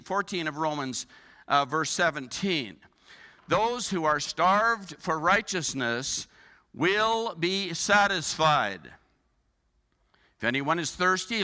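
Bright-voiced man preaching in a reverberant hall. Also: a little high. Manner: earnest preaching with rhetorical questions. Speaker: pastor. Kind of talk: sermon.

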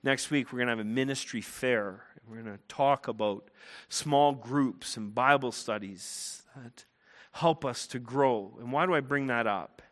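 Pastor guy preaching, earnest, medium pitch, big church reverb. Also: a little slow. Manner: earnest, emphatic preaching that drops to a quiet prayer. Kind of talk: sermon. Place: church sanctuary. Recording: long hall reverb.

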